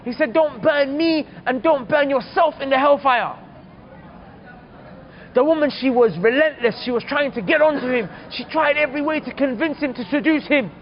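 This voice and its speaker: High-voiced man telling a sermon story. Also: normal speed, muffled recording. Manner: earnest, addresses listeners as brothers. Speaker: preacher.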